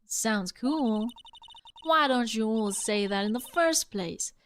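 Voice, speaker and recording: A woman's voice: on the high side, animated, slow, a bit bright, a little hiss or hum. A woman voicing a brash, boastful Southern woman photographer, reading game dialogue aloud in a put-on Southern accent. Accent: put-on American Southern. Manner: drawling, boastful.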